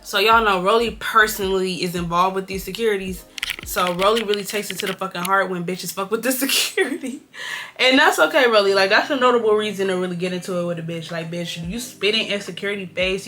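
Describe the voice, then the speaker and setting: A woman's voice: medium pitch, a little fast, soft background music. A young woman from California chatting bluntly and with plenty of swearing while doing a makeup tutorial. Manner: blunt, profane, animated gossip. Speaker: beauty vlogger.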